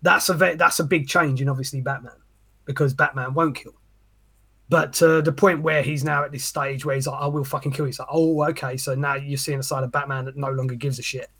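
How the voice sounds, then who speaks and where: A man on a podcast, ranting and swearing in animated casual chat. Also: medium pitch, fairly quick, husky. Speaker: podcast co-host.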